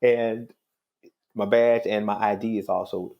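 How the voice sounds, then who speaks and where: A middle-aged man, a judge, telling a story in an interview in a calm, wry, conversational way. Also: on the low side, measured pace, gravelly, dull audio.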